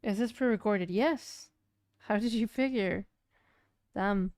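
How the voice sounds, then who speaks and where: Woman with Latin American Spanish accent, teasing stream chat, smooth clear voice, dry close sound. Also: mid-range voice, slow pace, darkish tone, no room sound. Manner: playful, teasing, chatty. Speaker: streamer's partner answering chat.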